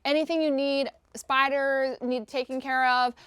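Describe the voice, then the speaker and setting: A man's voice: very high voice, little pitch movement, unhurried, fairly bright tone, a little hiss or hum. A woman putting on the voice of a creepy, overly friendly older male landlord while telling a story. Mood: eager.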